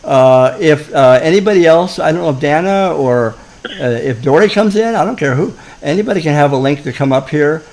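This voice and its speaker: A man's voice: a little high, expressive, brisk, a little mellow, rough recording. A man hosting a live online audio room, chatting casually with lots of restarts, stalls and chuckles. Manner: rambling with many restarts and chuckles. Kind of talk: casual chat.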